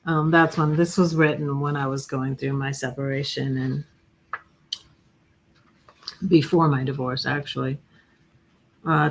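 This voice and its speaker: Slow, gravelly woman reading her poems. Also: sits low. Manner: slow and hesitant, with many pauses and fillers. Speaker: livestream host reading her own poems. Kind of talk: casual poetry reading on a livestream.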